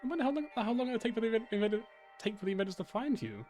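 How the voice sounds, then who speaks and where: A sneering, mocking game character, read aloud by a man in a lower, slower voice. Faint game music plays underneath. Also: expressive, darkish tone. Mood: taunting.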